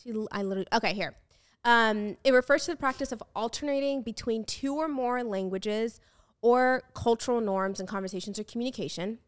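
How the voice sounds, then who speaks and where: An American woman hosts a podcast, chatting casually with frequent fillers and restarts. Her voice is smooth and a little high, and she speaks fairly quickly.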